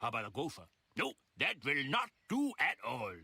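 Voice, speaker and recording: A man's voice: medium pitch, wildly swooping pitch, brisk, dry recording, exaggerated voice. A mock-German one-eyed camp handyman. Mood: fussy. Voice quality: stiff formal phrasing, bright raspy tone.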